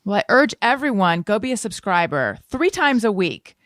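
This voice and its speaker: A woman's voice: mid-range voice, very animated, normal speed, fairly bright tone, no echo, studio quality. A woman hosting an interview podcast, asking curious questions and reading listener questions aloud in a casual way. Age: adult with a young son. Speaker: podcast host.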